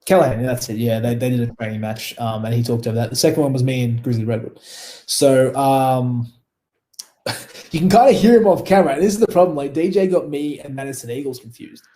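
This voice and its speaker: A man's voice: mid-range voice, brisk, warm tone. A man with an Australian accent, a wrestler telling stories in a casual interview, rambling, laughing often and swearing freely. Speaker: guest wrestler.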